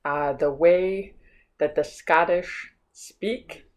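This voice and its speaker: Lively American woman preaching from home. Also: on the low side, drawn-out words, low-quality recording. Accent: Pacific Northwest American. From United States. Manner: enthusiastic, chatty and informal. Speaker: pastor. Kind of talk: sermon. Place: her home.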